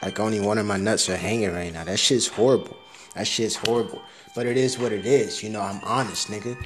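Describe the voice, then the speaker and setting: A man's voice: fairly low pitch, steady tone, a little fast, music in the background. A young man rambling through a casual, profane audio diary, laughing at his own jokes.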